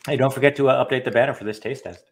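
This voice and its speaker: A man's voice: mid-range voice, steady tone, racing, a little hiss or hum. A man co-hosting a podcast in casual chat, answering with dry jokes. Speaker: podcast co-host.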